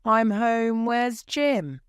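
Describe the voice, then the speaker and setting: A woman voicing an excited, bold young boy in a storybook reading. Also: on the high side, very slow, clean tone, dry recording, clean studio sound, pitched above the performer's own voice.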